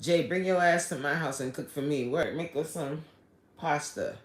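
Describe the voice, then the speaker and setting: A woman's voice: low voice, moderate pace. A woman hosting a casual live stream, reading chat comments aloud and laughing often. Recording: echoey room.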